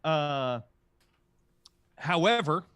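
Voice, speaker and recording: A man narrating a tabletop game as game master, halting and full of filler sounds. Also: a little high, expressive, fairly bright tone, clear, resonant tone, no room sound.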